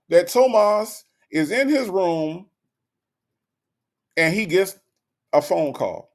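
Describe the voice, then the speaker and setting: A man's voice: sits high, unhurried, gravelly. A man giving comic reaction commentary, teasing and talking straight to his viewers. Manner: animated, teasing, addresses viewers.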